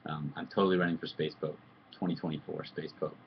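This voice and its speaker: A man with a low, deep voice talks loosely through fan questions on a live video chat, joking and rambling as he goes. His webcam audio is dull and lo-fi, with a faint hiss underneath. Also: flat delivery, quick pace, gravelly. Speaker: musician answering fan questions. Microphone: computer webcam mic.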